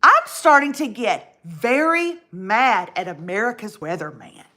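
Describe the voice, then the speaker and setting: A chatty woman in her forties is hosting a livestream from home. Her voice is bright and sits a little high. Her pitch swings widely as she greets viewers by name. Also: very animated, a little slow. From Texas. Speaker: livestream host. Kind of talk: casual livestream chat. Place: indoors at home.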